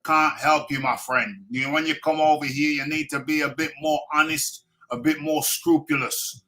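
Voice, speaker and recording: A male host runs a live boxing talk show with a bright, forceful voice. He is insistent, repeats his phrases and talks over his guests, then turns to plug the show's buttons like a seasoned presenter. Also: a little high, fairly even intonation, moderate pace. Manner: pushes viewer buttons like a presenter.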